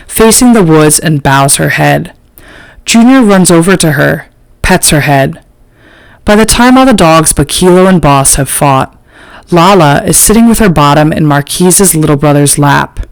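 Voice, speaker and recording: A woman reads an audiobook in a measured, literary way. She takes it very slowly, letting each phrase land. The recording is close and dry, with no room sound. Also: sits low, no echo, low-quality recording. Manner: slow, measured, literary reading. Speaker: audiobook narrator. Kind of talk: scripted narration.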